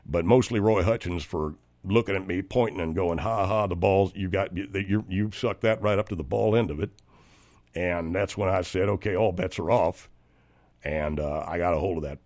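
A man voices an indignant, aggrieved suburban husband in a comedy bit, stammering and tripping over his own words as he complains. His voice sits low. The sound is close and dry. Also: normal speed, darkish tone, no echo, natural voice. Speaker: host of a comedy segment. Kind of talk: comedic character monologue.

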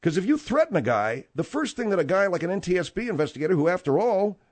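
A man's voice: high voice, big pitch swings, quick pace, a little mellow. A man hosting a talk radio show, delivering a combative, rambling and sarcastic monologue.

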